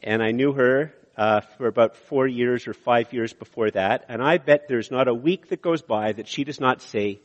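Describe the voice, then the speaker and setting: A man in his sixties, a pastor preaching a sermon in an earnest, repetitive way with pauses and fillers. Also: medium pitch. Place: church hall. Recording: echoey church hall, slightly dull sound.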